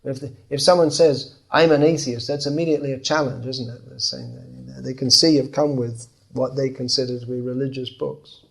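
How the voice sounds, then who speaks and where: A man's voice: mid-range voice, fairly even intonation, fairly quick, creaky, hardly any pauses, a bit bright. A man giving a scripture class in a conversational way, often acting out the replies of the people he describes. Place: class in Bangalore.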